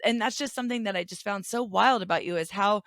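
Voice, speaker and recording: A woman co-hosting a podcast in casual chat, talking in an animated way and laughing often. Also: mid-range voice, fast, no echo, studio quality. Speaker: podcast co-host. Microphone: studio headphones.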